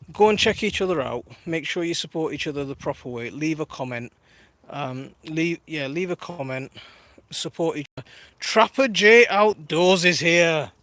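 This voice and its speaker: A man in his thirties talks on a live stream from a garden. His voice sits fairly high and swings up and down a lot. He chats casually, laughs often and greets viewers as he reads their comments. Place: outdoors in a garden.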